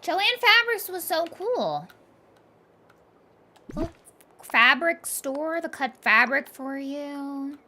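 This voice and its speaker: A woman's voice: high voice, very animated, slow pace, pauses often, pushed and bright, a little hiss or hum. A young woman chatting casually and playfully as she plays a game on a live stream, laughing often.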